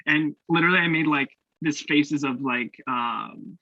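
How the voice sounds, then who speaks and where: Bright-toned animated man telling stories. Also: on the high side, unhurried, no room sound. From Canada. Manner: animated, laughing, acts out quoted voices. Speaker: guest actor. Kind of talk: casual storytelling interview. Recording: dull lo-fi dry sound.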